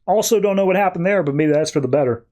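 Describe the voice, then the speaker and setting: Man voicing amnesiac superhero, casual, surprised, a bit higher than his normal voice. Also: animated, fast talker, mellow. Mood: amused. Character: baffled amnesiac male superhero, cocky and laid-back.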